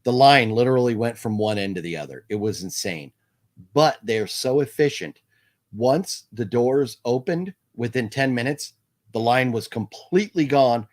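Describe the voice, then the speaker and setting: A man's voice: mid-range voice, expressive, moderate pace. A man hosting a live movie news stream, chatting casually and rambling, with many fillers and restarts while he reads viewer comments aloud.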